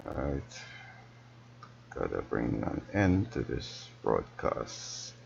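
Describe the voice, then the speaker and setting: A tired man giving slow, mumbling casual commentary over gameplay on a stream, talking to himself as he plays. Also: very deep voice, sing-song, creaky, husky. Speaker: gaming streamer. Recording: dull lo-fi stream audio with background noise.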